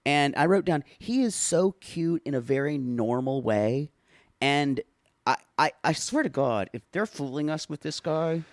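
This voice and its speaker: A man co-hosting a podcast, casually chatting and recapping a reality show with animated, dramatic storytelling. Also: on the high side, unhurried, no echo, clean studio sound. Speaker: podcast co-host.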